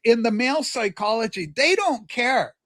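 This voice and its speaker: An older man from Canada, co-hosting a casual livestream and telling a rambling story with lively asides. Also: very high-pitched, moderate pace, no room sound. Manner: animated, jumps between asides and acted quotes. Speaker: livestream co-host.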